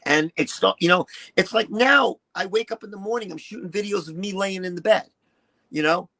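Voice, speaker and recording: A man in his sixties, a retired performer telling candid stories in an interview, profane and animated, acting out what people said. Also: high-pitched, fairly quick, rough recording. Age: 60s. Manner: profane, animated, acts out quotes. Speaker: interview guest, retired shock-rock performer.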